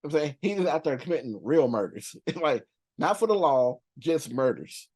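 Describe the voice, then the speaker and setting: A man's voice: fairly high pitch, animated, normal speed, a little mellow, husky. A man hosting a movie reaction channel, counting down characters in casual, profane slang and laughing often.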